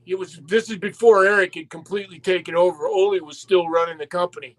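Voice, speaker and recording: A man telling wrestling stories in casual chat, animated and swearing constantly. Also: high voice, fast talker, low-quality recording. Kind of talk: casual profane storytelling.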